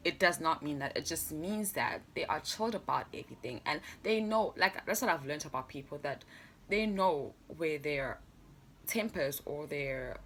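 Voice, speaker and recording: A young woman with a low, deep-set voice chats through a casual storytime vlog. Her pitch swings widely as she talks, and she laughs often and leans on fillers between her thoughts. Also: expressive, moderate pace, fairly bright tone, slight background noise. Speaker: vlogger.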